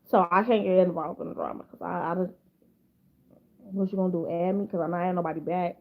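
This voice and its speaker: A woman's voice: fairly low pitch, steady tone, quick pace, phone-quality sound. A woman giving casual drama commentary to camera, rambling and profane, with many repeated restarts. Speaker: commentary vlogger.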